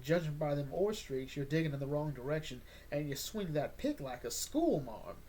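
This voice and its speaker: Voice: mid-range voice, expressive, normal speed, mellow, a little hiss or hum, close to an everyday voice. The narrator of a comic recap voicing a blunt, folksy old retired prospector.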